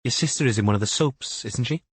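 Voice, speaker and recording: A man's voice: medium pitch, fast, husky, dry recording, voice pushed up, lightly acted. Man doing a concerned young policewoman. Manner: careful, questioning.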